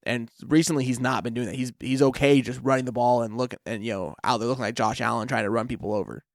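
A man co-hosting a fantasy football podcast, relaxed and agreeable, full of fillers like "I mean" and "like". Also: medium pitch, quick pace, vocal fry, no echo, clean studio sound. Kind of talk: casual sports chat.

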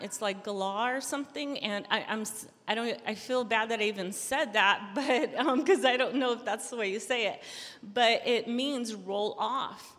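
A woman's voice: mid-range voice, a bit bright, long reverb tail. A young woman giving a casual devotional talk, earnest and chatty, with frequent restarts and filler words. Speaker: Christian speaker.

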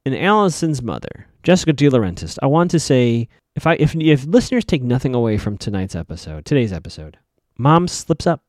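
A man's voice: medium pitch, big pitch swings, a little fast, dry recording, studio quality. A man casually recapping a TV episode as a podcast host, chatty and rambling, often correcting himself.

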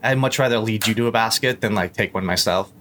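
A man's voice: fairly low pitch, fast talker, fairly bright tone. A young man, a podcast guest, talking in a loose, rambling way with lots of fillers and restarts. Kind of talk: casual chat.

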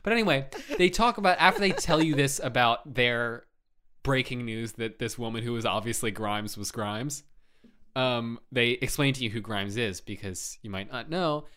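A man's voice: medium pitch, normal speed, bright, forceful tone, smooth. Sarcastic rambling man chatting. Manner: sarcastic, rambling, swears freely. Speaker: podcast co-host. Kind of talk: casual chat.

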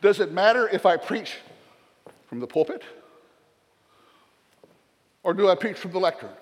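A man's voice: sits high, sing-song, unhurried, long reverb tail. An older man with a Southern accent, a retired pastor preaching a sermon in a church with folksy, joking asides.

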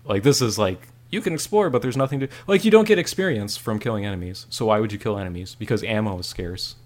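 Rambling casual man, slightly low voice. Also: quick pace. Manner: rambling, frequent "like", animated storytelling. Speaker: podcast co-host reviewing a game. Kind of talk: casual chat.

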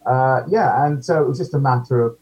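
A man's voice: mid-range voice, fairly quick, a little mellow. A British man, an actor being interviewed, chatting casually and acting out what people said. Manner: chatty storyteller, acts out quotes. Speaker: actor guest. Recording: dull lo-fi audio.

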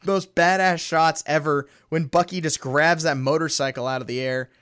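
A young man co-hosting a podcast in casual chat, bursting with excitement. His voice sits a little high, and he keeps slipping into animated impressions of movie characters as he retells scenes. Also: moderate pace, smooth. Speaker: podcast co-host.

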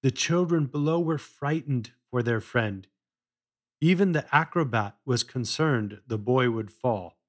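A man narrating a children's story in a measured read-aloud style. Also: mid-range voice.

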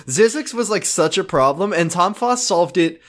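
A man's voice: high-pitched, expressive, moderate pace. A man co-hosting a podcast, rambling and joking through a casual episode recap. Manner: rambling, joking, with many fillers. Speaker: podcast co-host.

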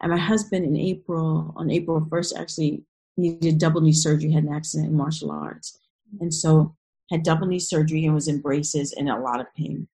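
A woman with a husky, slightly breathy voice tells a personal story in earnest. Her telling is emotional and vivid, full of restarts and re-enacted moments. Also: sits low, steady tone, brisk, dark tone, rough recording.

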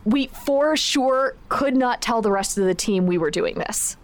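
A woman's voice: fairly high pitch, animated, a little slow. A woman voicing a bold, reckless young woman in an audio drama, talking in a coaxing, confident way.

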